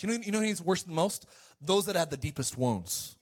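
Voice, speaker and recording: A man preaching a sermon to a congregation, swinging between loud calls and quiet asides and asking for amens. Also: high voice, expressive, a little fast.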